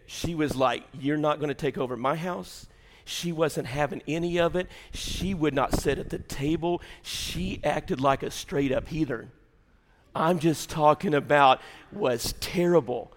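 An older man preaching a sermon, telling a family story and rising to loud, shouted peaks. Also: on the high side, big-room sound. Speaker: pastor.

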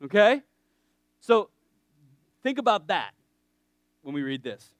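High-voiced joking preacher man. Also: sing-song, slow pace, pauses often, no echo. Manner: conversational and joking, checks in with listeners. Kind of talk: sermon.

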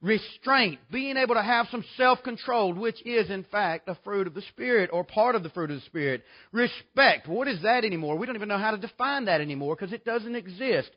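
A man, easygoing and quick to joke between points. His voice sits high for a man. The church recording is a little muffled and dull. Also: lively intonation. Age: 40s. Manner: folksy, joking storyteller. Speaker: guest preacher. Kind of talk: revival sermon. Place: church sanctuary.

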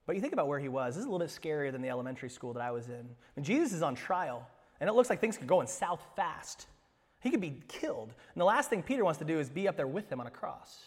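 A male pastor delivering a sermon, telling stories animatedly and swinging from hushed to loud. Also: on the high side, sing-song, fast, breathy edge, big-room sound.

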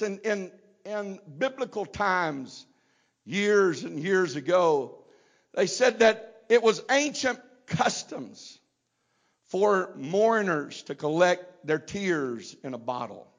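A middle-aged man preaches in a drawl. His voice sits high for a man, and he takes his time, letting each phrase land before he presses toward louder emphasis. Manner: slow, deliberate preaching that builds to loud emphasis. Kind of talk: sermon.

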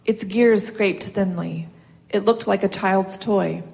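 Woman reading a story out loud, steady and even, mid voice. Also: medium pitch, slow, gravelly. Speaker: reader.

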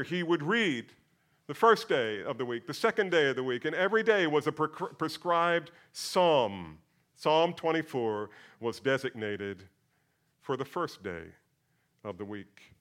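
A male pastor preaching a sermon, dropping to a hush and then booming out scripture, addressing his listeners as beloved. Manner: swings from hushed to booming when reciting scripture.

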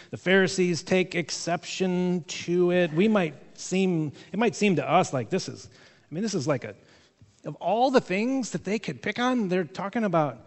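A man preaching a sermon in a casual, animated way, with jokey asides to his congregation. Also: high-pitched, in a large hall. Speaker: pastor.

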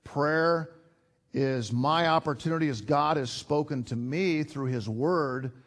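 An older pastor preaches slowly in a fairly high voice, earnest and conversational. He repeats himself often and builds up to emphatic rises.

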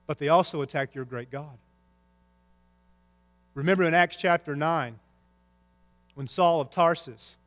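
A man preaching a sermon as pastor, swinging between soft, low lines and loud, raised cries. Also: in a large hall. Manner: impassioned preaching with big swings in pitch and loudness.

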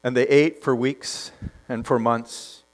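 A man preaching a sermon, telling a story with lively delivery and dropping to quiet emphasis. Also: medium pitch, slow pace. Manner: animated storytelling, acts out characters, drops to quiet emphasis.

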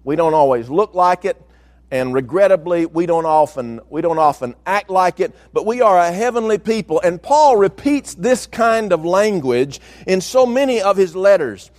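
A pastor preaching a sermon, with emphatic delivery and slowed, stressed phrases. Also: male voice, high voice, lively intonation, darkish tone.

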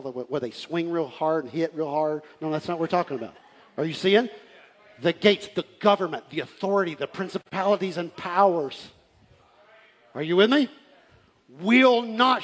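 A man preaching a fervent sermon. He often shouts and laughs as he preaches. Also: a little high, moderate pace. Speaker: pastor. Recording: live church hall with reverb and faint crowd.

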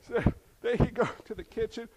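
A middle-aged man preaching a sermon, animated and acting out voices as he tells stories. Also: very high-pitched, normal speed. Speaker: pastor.

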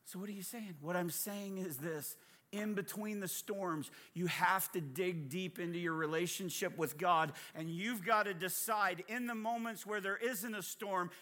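A man preaching a sermon as a guest speaker, dramatic and humorous, moving from hushed asides to shouting. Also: high voice, moderate pace. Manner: humorous, conversational storytelling.

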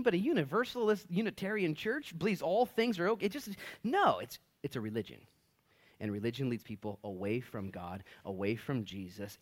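A male pastor delivering a Bible study sermon, his pitch rising and falling in lively swings. He talks in a casual, conversational way and slips into little acted-out voices for the people he quotes. His pitch sits at an ordinary middle for a man. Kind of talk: expository sermon.

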